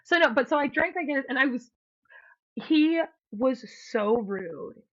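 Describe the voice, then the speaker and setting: Woman podcast co-host, chatty storyteller, slightly high voice, muffled lo-fi sound. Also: a little slow. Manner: animated storyteller, acts out quotes, swears. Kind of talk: casual storytelling chat. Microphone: podcast mic, remote call.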